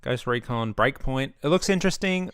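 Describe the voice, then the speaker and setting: A man's voice: medium pitch, animated, moderate pace, a bit bright, clean tone, no room sound. Young guy, home-setup gaming rant, sarcastic and sweary; resonant, dry. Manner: ranty, sweary, sarcastic asides. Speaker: gaming vlogger. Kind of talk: casual opinion rant.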